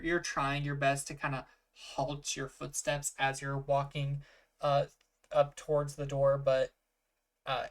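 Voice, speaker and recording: A game master narrating a tabletop game in a casual, filler-heavy way, working out rules aloud. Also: mid-range voice.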